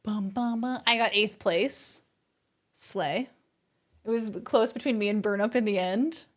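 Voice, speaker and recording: A woman's voice: medium pitch, measured pace. A woman with an Australian accent, streaming and chatting playfully with her audience. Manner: playful, chatty, addresses chat as gamers. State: a little out of breath. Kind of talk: casual live-stream chat.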